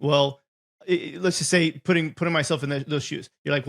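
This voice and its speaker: Male podcast host, fast talker, slightly high gravelly voice, loose conversational questions. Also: fairly even intonation. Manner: quick, gravelly, restarts his questions.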